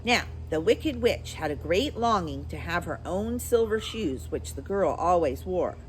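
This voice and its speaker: A woman teacher reading a children's storybook aloud with expressive, animated storytelling. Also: on the low side, measured pace, slight background noise, poor audio.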